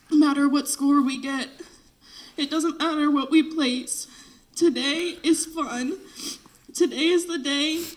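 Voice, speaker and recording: A teenage girl with a high, light voice gives an emotional farewell to her bandmates. She sounds tearful and earnest, and she stops now and then to apologize. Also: a little mellow, rough recording. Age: late teens. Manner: tearful, heartfelt, breaks off to apologize. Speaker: graduating senior flute player. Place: band room.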